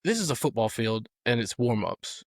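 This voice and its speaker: A man's voice: mid-range voice, sing-song, normal speed, no room sound, studio quality. A man, a football coach hosting a podcast, telling stories in a casual, rambling way with many fillers. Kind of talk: casual storytelling chat.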